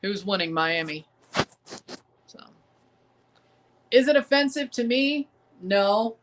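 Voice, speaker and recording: A man's voice: high voice, a bit bright, low-quality recording. A man with a Southern US accent, hosting a match watchalong livestream in a casual, rambling, defiant way, often repeating himself. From American South.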